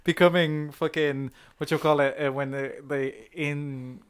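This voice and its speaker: A man co-hosting a film podcast, sweary and animated, laughing often as he talks. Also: on the high side, measured pace, smooth. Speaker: podcast co-host. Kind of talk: casual film chat.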